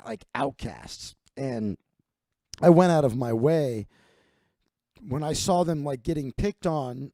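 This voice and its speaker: A man's voice: on the high side, warm tone, no echo. Rambling, profane man in his forties. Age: 40s. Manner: profane, rambling with many fillers and restarts. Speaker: comedian host. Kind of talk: rambling comic storytelling.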